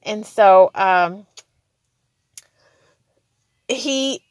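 Animated woman telling a story. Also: mid-range voice, extremely slow, no echo. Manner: animated, acts out dialogue, laughs often. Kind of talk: casual storytelling.

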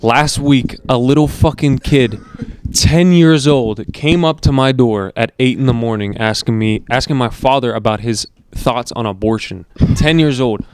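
A young adult man in a casual podcast chat, telling animated stories full of swearing and filler words. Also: medium pitch, moderate pace, clear, resonant tone. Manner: animated storytelling, heavy swearing, many fillers.

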